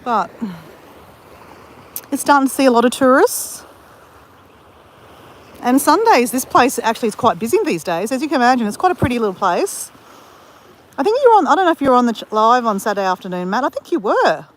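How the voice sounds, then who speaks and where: Brisk and sing-song, her voice on the high side with frequent pauses, this vlogger walks by the sea holding her phone for a casual livestream. She talks to viewers by name and laughs easily.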